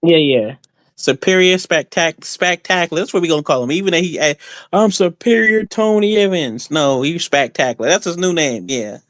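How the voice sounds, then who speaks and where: A man's voice: on the high side, brisk, a bit bright, no room sound. Wrestler guy trash talking, rambly, lots of ums, dry close sound. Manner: boastful trash talk, rambling with many fillers. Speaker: guest wrestler. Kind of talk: casual podcast interview.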